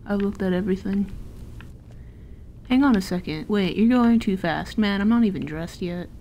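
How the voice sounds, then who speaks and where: A woman's voice: medium pitch, normal speed, warm tone, a little hiss or hum. A woman streamer giving casual, playful commentary while playing a game, giggling and swearing freely. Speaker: gameplay streamer.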